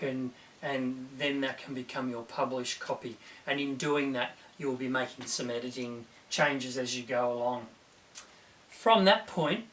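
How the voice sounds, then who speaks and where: A man teaching a class by video, his voice sitting a little high for a man. He is encouraging and keeps pausing to clear his throat. He sounds a bit distant from the microphone. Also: fairly bright tone, slight background noise. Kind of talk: recorded video lesson for students.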